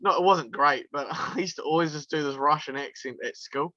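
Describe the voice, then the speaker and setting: A man's voice: fairly high pitch, brisk, bright, forceful tone, no echo, dull audio. A male wrestler from New telling stories in a casual interview, chatty and laughing through his anecdotes with plenty of fillers. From New Zealand.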